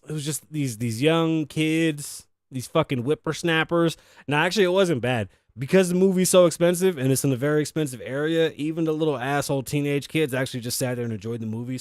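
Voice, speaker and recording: A man's voice: mid-range voice, no room sound, clean studio sound. A man hosting a comedy talk show, rambling and swearing freely as he riffs on movies, shopping and news. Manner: profane, rambling, jokey. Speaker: host. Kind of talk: casual comedic commentary show.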